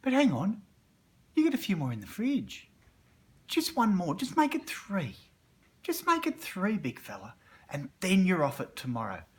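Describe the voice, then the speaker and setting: An Australian man voicing his own tempting dark side as a cheeky, matey male inner voice that coaxes and parties. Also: high-pitched, wildly swooping pitch, moderate pace, voice pushed up. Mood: coaxing. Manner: wheedling, boisterous, matey.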